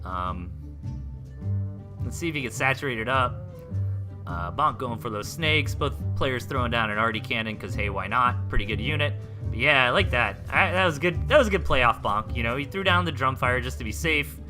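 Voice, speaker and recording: A young man from the Southern United States casting a game replay live, rambling through joking side chats between quick play calls. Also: mid-range voice, lively intonation, music in the background. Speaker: esports caster.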